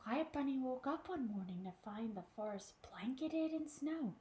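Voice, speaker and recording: A woman who is a children's librarian, reading a picture book aloud in an animated way and asking questions of a child listener. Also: high-pitched, normal speed, a little hiss or hum.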